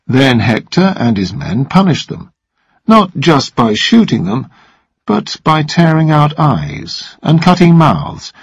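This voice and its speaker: A man narrating a story aloud for English listening practice, with a measured, expressive delivery. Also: medium pitch, slightly rough, no echo, lo-fi sound.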